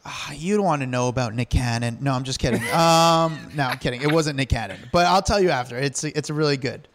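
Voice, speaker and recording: A man's voice: medium pitch, fairly quick, fairly bright tone, a little hiss or hum. A man telling stories in a casual chat, acting out the lines he quotes and laughing often.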